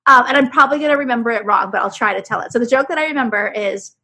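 Giggly bright-voiced woman. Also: on the high side, racing, hardly any pauses. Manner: giggly, rambling storyteller. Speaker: podcast guest. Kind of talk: casual group podcast chat.

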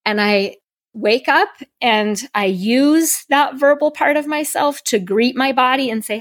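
A woman podcast host telling a candid personal story in an earnest, animated way, acting out her own inner voices. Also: a little high, moderate pace, no room sound, studio quality.

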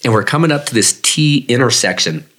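A man of middle pitch telling stories from his own life as an interview guest. He talks casually and reflectively, filling pauses with "you know". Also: lively intonation, a bit bright. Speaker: guest, long-distance runner. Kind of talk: storytelling in an interview.

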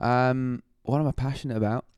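Smooth-voiced British youth pastor. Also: male voice, mid-range voice, fairly even intonation, brisk, a little mellow, no echo, studio quality. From United Kingdom. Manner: jokey, laughs often, storytelling. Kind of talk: podcast conversation.

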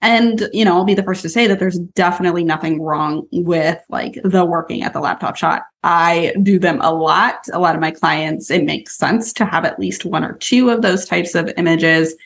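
A woman co-hosting a podcast as a brand photographer, talking in a relaxed, loose way with laughs and lots of "like". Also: fairly low pitch, moderate pace, few pauses. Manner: relaxed, laughs often, fillers like "like". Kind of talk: casual podcast chat.

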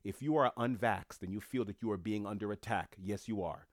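Dry-sounding low-voiced man, emphatic. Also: brisk, no room sound. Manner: emphatic, repeats phrases, slangy asides. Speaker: commentator speaking to viewers. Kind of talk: impassioned casual monologue.

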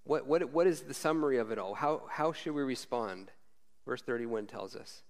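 A man's voice: mid-range voice, brisk. A man preaching a casual, conversational sermon as a former missionary, frank and informal, often tagging lines with "right?".

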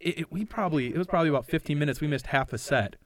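A man telling a story in a casual, profane chat, acting out quotes with lively energy. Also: on the high side, racing.

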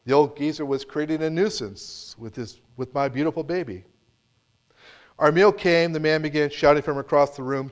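A man's voice: a little high, normal speed. A man preaching a sermon, reading a story with dramatic swings from full voice down to near-whispers. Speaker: pastor.

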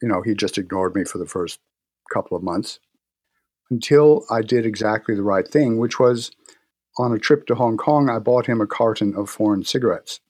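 Guest: man with a lowish voice, relaxed anecdotal delivery, easy pauses and restarts, dry close sound. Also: breathy edge, dry recording. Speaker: guest, herbal medicine practitioner. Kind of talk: casual interview talk.

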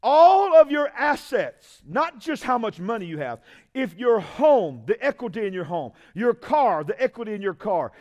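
High-voiced preaching pastor, drawl. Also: male voice, very animated, moderate pace. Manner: call-and-response preaching, builds to shouts. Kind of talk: sermon.

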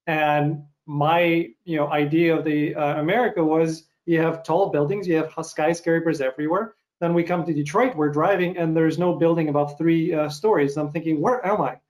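A man from Russia hosting an interview, talking in a relaxed, hesitant way with many fillers. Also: on the high side, normal speed, few pauses. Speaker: host. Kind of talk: interview conversation.

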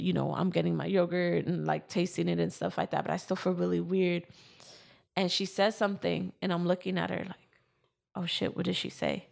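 A woman's voice: lowish voice, creaky, a little mellow. A woman in her twenties telling a personal story in casual chat, with lots of fillers.

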